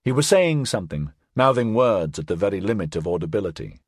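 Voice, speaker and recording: A man narrating an audiobook in an expressive storytelling manner. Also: fairly low pitch, brisk, breathy edge, no room sound, studio quality.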